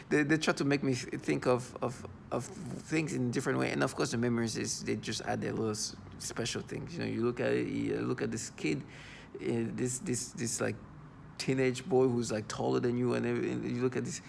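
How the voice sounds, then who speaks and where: Gravelly, halting man venting on camera. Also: medium pitch, little pitch movement, background noise. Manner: halting, full of restarts and fillers; agitated and disgusted. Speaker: vlogger. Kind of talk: personal video monologue.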